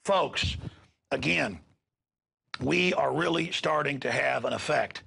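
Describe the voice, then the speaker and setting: A man's voice: medium pitch, takes it slowly, gravelly, sharp tone, breathy edge. A middle-aged man, hosting a show and delivering an impassioned, emphatic rant to his listeners. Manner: ranting, emphatic, repeats words when worked up. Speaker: radio show host.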